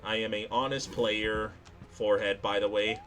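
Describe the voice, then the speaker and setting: A young man commenting live on a game he is playing for his chat, excitable and quick to laugh and yelp. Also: lowish voice. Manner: excitable, laughs and yelps often. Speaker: gaming streamer.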